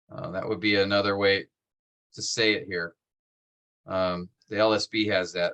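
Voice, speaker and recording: A man's voice: on the low side, normal speed, bright, forceful tone. A man teaching a seminary class over a video call, explaining step by step and checking in with "right?". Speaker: seminary instructor.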